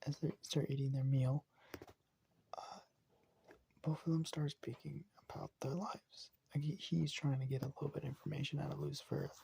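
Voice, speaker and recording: A man's voice: on the high side, fairly even intonation, moderate pace, mellow, a little hiss or hum. A man telling an improvised story in a casual, rambling way, swearing and often dropping to a whisper. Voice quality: gravelly, raspy.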